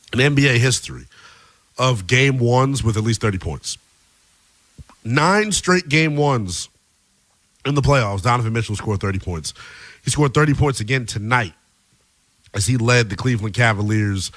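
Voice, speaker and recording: A male sports radio host talks through the night's games in a loose, slangy, conversational way. His voice sits at an ordinary pitch. The studio sound is dry and close, with no room echo. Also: a bit bright. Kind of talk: casual sports talk show.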